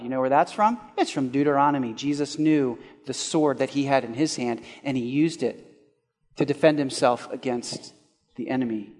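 A male pastor preaching a sermon, asking rhetorical questions and swinging between loud and hushed. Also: medium pitch, normal speed, long reverb tail.

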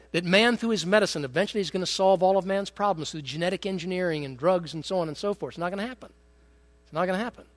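A man's voice: high voice, a bit bright. A man preaching a sermon as pastor, emphatic, firing off rhetorical questions and joking asides.

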